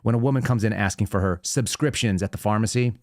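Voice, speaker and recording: A man's voice: on the low side, fast, darkish tone, dry recording, clean studio sound. A man hosting his own show, talking in a rambling, conversational monologue with frequent fillers. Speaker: podcast host.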